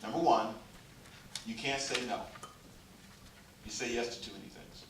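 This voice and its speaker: A pastor preaching a humorous, exhorting sermon in a church sanctuary and drawing the congregation into call and response. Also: male voice, medium pitch, fairly even intonation, moderate pace, background noise. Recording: echoey church hall, mic far off.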